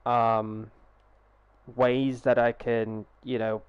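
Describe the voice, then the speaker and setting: A man's voice: mid-range voice, little pitch movement, drawn-out words, clear, resonant tone, dry recording. Rambling young man streaming, dry lo-fi sound. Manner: rambling, swears freely, restarts sentences. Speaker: gaming streamer. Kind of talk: casual live-stream chat. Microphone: gaming headset.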